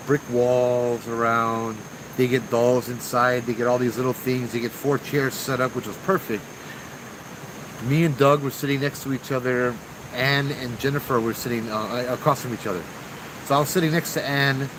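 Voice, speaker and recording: A man tells ghost stories in an easygoing, chatty way, talking straight to his viewers. He is outdoors, with crickets and insects clearly audible behind his voice. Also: mid-range voice, background noise. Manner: chatty, relaxed, talks to chat. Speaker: storyteller host. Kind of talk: casual live storytelling.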